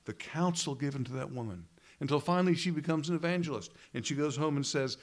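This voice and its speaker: A man delivers a sermon with earnest emphasis, pausing dramatically and dropping his voice low and hushed whenever he quotes a line.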